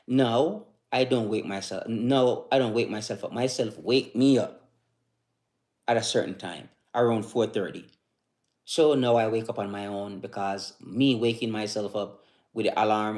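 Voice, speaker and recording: A man hosting a live stream, giving a casual motivational talk in a relaxed, rambling way, often repeating words and restarting sentences. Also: on the low side.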